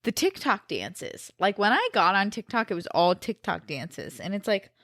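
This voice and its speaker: A woman co-hosting a casual podcast, telling stories in an animated, joking way from a living room. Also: mid-range voice, moderate pace, dry recording, clean studio sound. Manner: animated, jokey storytelling. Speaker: podcast co-host. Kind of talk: casual chat.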